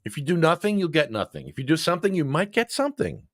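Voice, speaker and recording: A male show host in casual livestream commentary, talking back to what he reads in an animated way. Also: fairly high pitch, quick pace, creaky, no room sound, studio quality.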